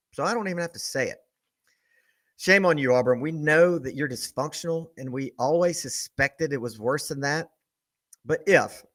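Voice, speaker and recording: A man hosting a sports podcast, delivering a mocking, scripted trash-talk rant about a rival college football team. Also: on the high side. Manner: mocking, trash-talking, building to shouted tirades.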